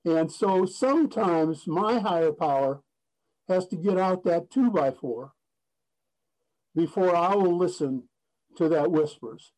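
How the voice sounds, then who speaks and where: A man's voice: sits high, lively intonation, takes it slowly, darkish tone, rough recording. A man giving an earnest personal testimony at a recovery meeting, speaking plainly with frequent restarts and a folksy joke. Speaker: speaker sharing his story at a recovery meeting.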